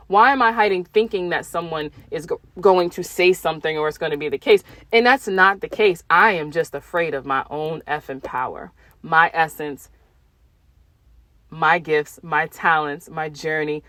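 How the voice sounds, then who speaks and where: A middle-aged woman hosting a podcast, talking candidly about spiritual growth in a casual, animated way with some mild swearing. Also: fairly low pitch, dry recording. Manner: animated, rising for emphasis and dropping quiet for asides. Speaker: podcast host.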